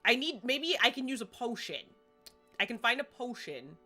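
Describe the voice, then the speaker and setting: A woman's voice: fairly high pitch, big pitch swings, moderate pace, bright, forceful tone, soft background music. A woman livestreaming a game at home, chatty and self-deprecating in casual gameplay commentary.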